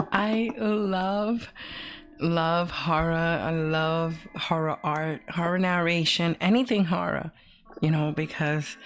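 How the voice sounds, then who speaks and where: Woman co-host, unhurried, effusive, frequent laughter, lowish pitch, faint music bed. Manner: gushing, laughs often, keeps saying oh my God. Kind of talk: casual live-stream chat.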